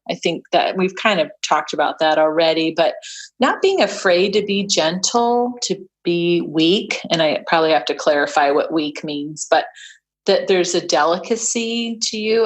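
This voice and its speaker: A middle-aged woman talking casually as a podcast guest, chatty with frequent restarts and laughter. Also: on the low side. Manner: chatty, many restarts and fillers, laughs often. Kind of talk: casual chat.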